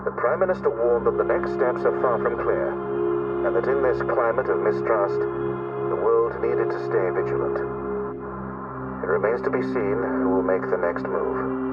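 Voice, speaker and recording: A man's voice: on the low side, measured pace. An actor playing a male newsreader giving a formal radio news report. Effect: radio broadcast. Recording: dull distant radio with loud music.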